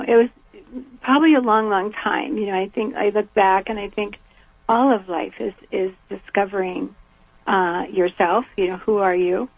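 An older woman from the American South, a guest in an interview, talking in an earnest, reflective way with soft laughs. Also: medium pitch, dry recording. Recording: tinny phone line.

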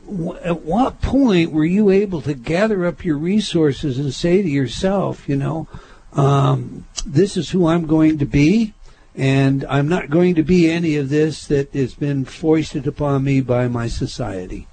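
A man interviews a guest in a thoughtful, meandering way. His voice is warm and mellow, with a slight huskiness. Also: on the high side, unhurried, slightly rough, low-quality recording. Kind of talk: interview questions.

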